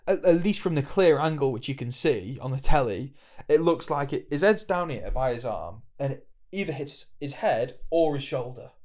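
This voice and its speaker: A young man co-hosting a podcast, talking football in a chatty, opinionated way with quick restarts. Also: mid-range voice, a little mellow. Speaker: podcast co-host. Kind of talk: casual football chat.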